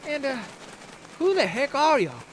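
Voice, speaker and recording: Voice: sits high, huge pitch swings, unhurried, slight background noise, full character voice. A performer voicing a chatty little boy rabbit. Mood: wary. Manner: chatty and playful, says y'all, laughs often. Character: small young boy rabbit, curious and playful.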